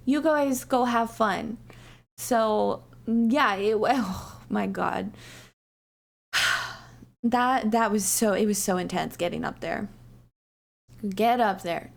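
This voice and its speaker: A woman streamer telling a long hiking story in casual chat, rambling with lots of fillers and acting out her friends' lines. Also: creaky. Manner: animated, rambling, lots of "like" and "you know"; acts out what friends said with sudden high-pitched swoops.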